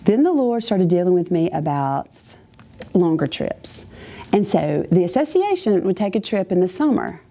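A woman's voice: fairly low pitch, moderate pace. A woman giving a chatty personal testimony to a church congregation, with many asides. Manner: chatty, animated storytelling with asides.

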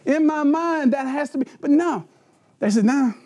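A man's voice: very high-pitched, moderate pace. A man preaching a sermon, telling funny stories, acting out voices and sound effects and laughing often as he talks. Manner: animated, acts out voices and sounds. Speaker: pastor. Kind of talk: sermon with humorous storytelling.

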